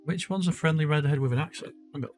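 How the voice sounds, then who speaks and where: A man's voice: fairly high pitch, quick pace, faint music behind. A man live-streaming a video game, chatting and thinking aloud as he types questions. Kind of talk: casual live game commentary.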